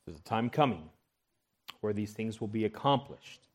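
A man's voice: lowish voice, animated, moderate pace. Man preaching an expository sermon. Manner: expository preaching, checks in with "right?"; reads scripture aloud with rising emphasis. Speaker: pastor.

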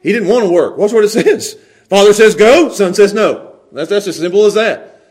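A man preaching a sermon, animated, laughing often and repeating words as he goes. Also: high voice, fairly quick. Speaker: pastor.

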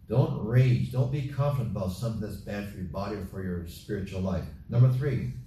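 A man's voice: on the low side, warm tone, distant mic, a little hiss or hum. A man preaching a sermon, repeating his points and acting out bits of party chatter. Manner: repetitive, emphatic exhortation with acted-out party chatter. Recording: roomy echo from off mic with faint ambience.

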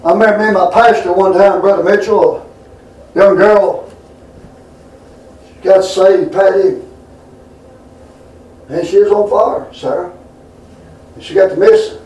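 A man's voice: sits high, animated, measured pace, pauses often, darkish tone, far from the mic. A middle-aged man preaching a folksy sermon to a responsive congregation. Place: church sanctuary. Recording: echoey church room.

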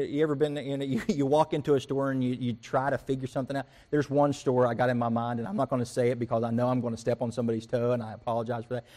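A man preaching a sermon as pastor, telling everyday stories and acting out the people in them. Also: medium pitch. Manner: animated storytelling, acts out quoted voices and rants.

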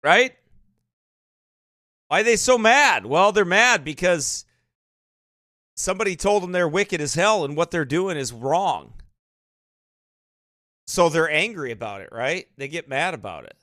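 A man's voice: on the high side, animated, measured pace, pauses often, bright, forceful tone, dry recording, studio quality. A man speaking as a pastor in a sermon-style commentary, emphatic and repeating tag questions like "right?" and "eh?".

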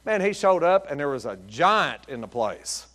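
A man preaching a sermon, rising to shouted emphasis and dropping to quiet, folksy storytelling. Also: fairly high pitch, very animated, moderate pace.

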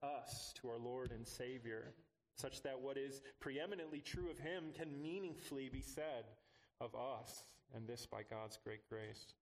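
A man's voice: medium pitch, unhurried. A man preaching a sermon as pastor, earnest with touches of light humor, building to emphatic rises on key phrases.

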